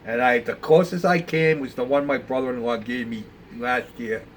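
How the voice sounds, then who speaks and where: A man's voice: mid-range voice, fairly even intonation, normal speed, slight background noise. An older man telling a casual, rambling story about building model ships, with plenty of fillers. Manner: rambling, conversational, with many fillers.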